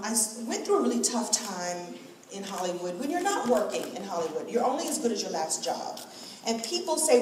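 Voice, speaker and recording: A middle-aged woman speaking to an event crowd, telling a personal story in an animated way and acting out the voices she quotes. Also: medium pitch, slight background noise. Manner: expressive, acts out quoted voices, laughs often. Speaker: guest speaker at a hair event. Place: large event room. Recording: echoey hall from far off.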